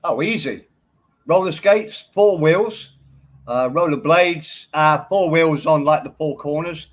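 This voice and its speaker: Hesitant man with a slightly high voice. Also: takes it slowly. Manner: hesitant, stammering restarts. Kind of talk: casual chat.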